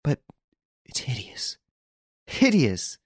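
A man reading aloud and voicing an anxious, impulsive young woman who talks in an excitable, insistent way. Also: rumbling low, normal speed, breathy edge, no room sound, studio quality, exaggerated voice. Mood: horrified.

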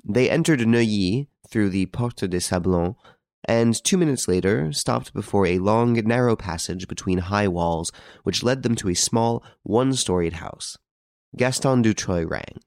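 A male narrator reads a classic story in a measured, even manner. His voice sits fairly low, and the recording is dry and close with no room sound. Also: no echo. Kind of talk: scripted audiobook narration.

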